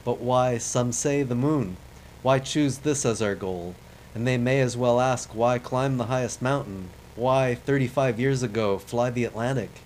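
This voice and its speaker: A man doing a rough impression of a male president delivering a stirring, oratorical speech, staying close to his own voice. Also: medium pitch, unhurried, a little mellow, slight background noise, close to an everyday voice, rough recording. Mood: declaiming. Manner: declaiming, oratorical.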